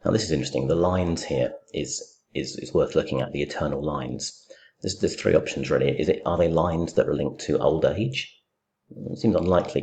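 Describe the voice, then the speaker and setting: Very deep-voiced male literature teacher. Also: a little mellow, a little hiss or hum. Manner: thinking aloud, frequent fillers and restarts. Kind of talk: recorded lecture, poetry commentary.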